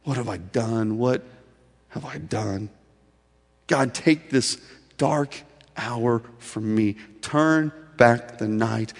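A man voicing a guilt-stricken adult male disciple, pleading in a low, hushed voice. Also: slow pace. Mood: anguished pleading. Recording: long hall reverb.

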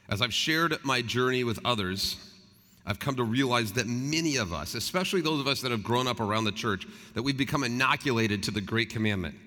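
A man's voice: lowish voice, bright, forceful tone. A male pastor preaching a sermon, speaking earnestly and conversationally and asking his listeners rhetorical questions. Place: church sanctuary. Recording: long reverb of a large hall.

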